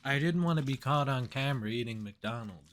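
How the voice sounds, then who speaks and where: A man's voice: mid-range voice, fairly quick, a little hiss or hum. A young man co-hosting a podcast, telling rambling everyday stories in casual chat. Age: young adult. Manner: rambling anecdotes, restarts, laughing. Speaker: podcast co-host.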